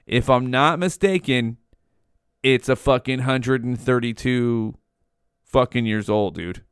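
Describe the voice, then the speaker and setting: Young male podcast host, casual sweary monologue, clear tone, no room sound. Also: mid-range voice, slow pace, no room sound, clean studio sound. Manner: profane, rambling, says "dude" constantly.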